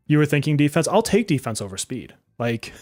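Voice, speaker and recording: A man's voice: on the high side, big pitch swings, a little fast, darkish tone, dry recording, studio quality, faint music behind. A man streaming a game live, joking and exasperated, often swearing and laughing as he talks to his viewers. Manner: talks to chat viewers directly. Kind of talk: live-stream gaming commentary.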